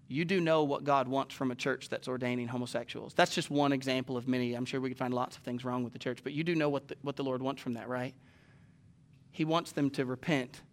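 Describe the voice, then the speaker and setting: A man preaching a sermon to a live congregation, animated and jumping up to loud exclamations and acted-out quotes. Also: a little high. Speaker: pastor. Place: church sanctuary with a live congregation.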